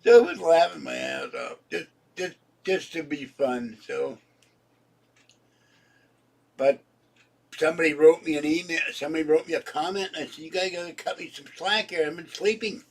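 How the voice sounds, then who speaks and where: A man in his seventies, sick and hoarse, rambling casually to his viewers about his day and laughing at his own jokes. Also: on the high side, moderate pace, far from the mic. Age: 70s. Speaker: vlogger. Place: home.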